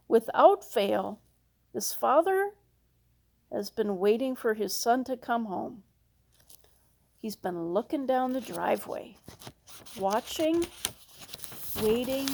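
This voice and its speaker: Woman pastor giving a sermon, high pitched, slow and folksy, acts out the people in the story. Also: darkish tone. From Minnesota.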